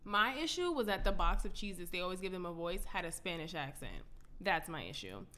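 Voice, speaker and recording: A woman's voice: on the low side, big pitch swings, a little fast, pushed and bright. A woman in her twenties co-hosting a podcast, chatting casually and venting bluntly, swearing freely. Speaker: podcast co-host. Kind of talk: casual chat.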